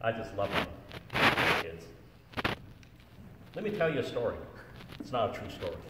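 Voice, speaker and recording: A middle-aged man, a pastor, telling jokes and stories to schoolchildren in an animated way. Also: fairly low pitch, moderate pace. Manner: jokey, animated storyteller. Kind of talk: storytelling talk to children. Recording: echoey hall from far off, background noise.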